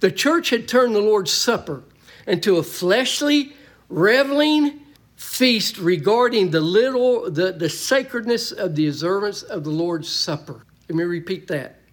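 A man preaching a sermon to his church, folksy and plain-spoken, now and then shouting a word for emphasis. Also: sits high. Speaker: pastor. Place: church sanctuary.

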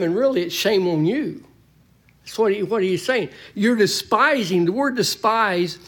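A man preaching a sermon in a church, folksy and emphatic, joking with the congregation. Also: sits high.

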